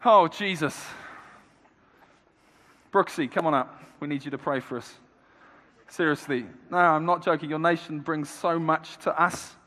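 Preacher, male, high voice, declamatory and rousing, big reverberant hall. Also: measured pace, pauses often. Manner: declamatory, building to loud exhortation. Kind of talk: rousing sermon.

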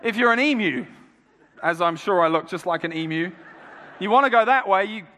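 High-voiced man preaching in an echoey hall. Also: animated, a little fast, slight background noise. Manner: declamatory, building to loud exhortation. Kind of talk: rousing sermon. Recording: long hall reverb.

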